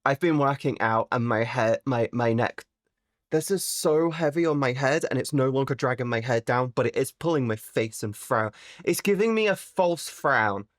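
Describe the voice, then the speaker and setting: A female live streamer chats casually and animatedly with her viewers, playful and teasing, swearing freely and suddenly leaping into high, squeaky exclamations. She speaks at a moderate pace, and the recording is dry with clean studio sound.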